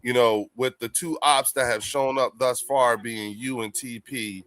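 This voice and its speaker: Laid-back male stream host, mid-pitched, profane, dry close sound. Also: steady tone, unhurried, a bit bright, no room sound. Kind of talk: casual podcast chat.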